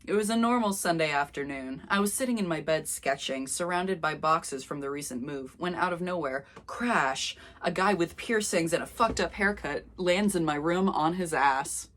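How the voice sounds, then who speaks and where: A woman's voice: low-pitched, normal speed, hardly any pauses. A young woman reading her old story aloud, breaking off with wry, laughing asides. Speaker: youtuber.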